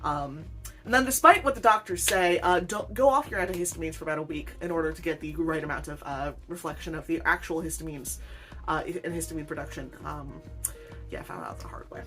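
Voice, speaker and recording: A woman's voice: sits low, lively intonation, brisk, fairly bright tone, soft background music. A woman weaver chatting in a rambling, self-deprecating way during a casual unboxing vlog, laughing often. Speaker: weaver, channel host.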